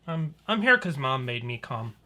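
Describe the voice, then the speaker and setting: A man's voice: mid-range voice, big pitch swings, moderate pace, sharp tone. A man voicing a sulky, short young dragonborn in a tabletop game.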